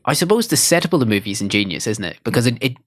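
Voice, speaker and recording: Podcast guy riffing on a movie, jumps into silly voices, mid-pitch, dead dry room. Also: very fast, dry recording. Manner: animated, acts out movie lines in a raised voice. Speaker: podcast co-host. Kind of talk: casual chat.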